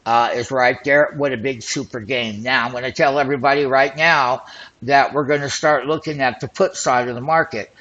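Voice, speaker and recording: A man hosting an options trading show, talking excitedly and boastfully as he walks through call and put charts. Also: medium pitch, normal speed, muffled recording. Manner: excited, boastful, hype-driven patter. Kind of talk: screen-share trading commentary.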